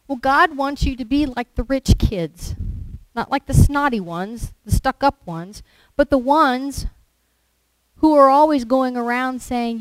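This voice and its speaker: A woman's voice: high voice, measured pace, clear, resonant tone, no echo, rough recording. A woman preaching a sermon in a conversational way, asking the listeners questions and acting out little quotes. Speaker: lay preacher.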